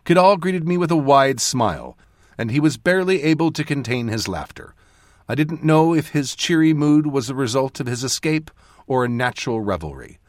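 This fantasy story comes from a male audiobook narrator reading in a scripted style, his voice swinging widely in pitch and loudness as he switches between characters. It's recorded dry and close, with no room sound.

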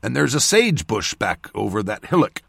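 A man voicing a gruff, bossy soldier who cooks for the group, with curt, firm lines. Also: fairly low pitch, big pitch swings, normal speed, a bit bright, dry recording, clean studio sound, heavily acted. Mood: instructing. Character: gruff middle-aged soldier brother, bossy cook.

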